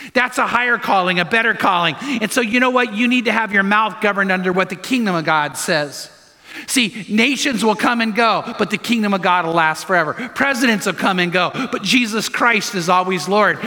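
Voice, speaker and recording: A man's voice: high-pitched, sharp tone, long reverb tail. A male pastor preaching a sermon, emphatic and full of rhetorical questions to the congregation.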